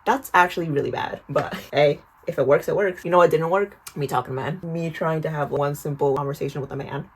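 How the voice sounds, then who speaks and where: A woman's voice: low voice, brisk, hardly any pauses, husky. A young woman in her twenties chatting through a storytime vlog while doing her skincare. She tells the story animatedly, swears often and calls the viewer "girl". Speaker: vlogger.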